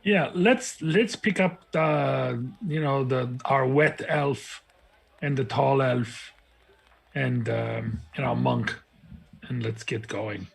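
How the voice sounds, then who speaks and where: A man with a gravelly voice speaking in character in a tabletop game, hesitant and stammering. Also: medium pitch, slow pace. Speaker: player. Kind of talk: in-character tabletop role-play.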